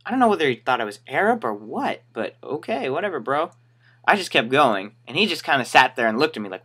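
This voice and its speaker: A man's voice: mid-range voice, very animated, brisk, pushed and bright, slightly rough. A young man telling stories to camera in a casual, rambling way, wry and acting out the people he describes. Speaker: retail shoe store worker. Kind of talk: casual storytelling vlog.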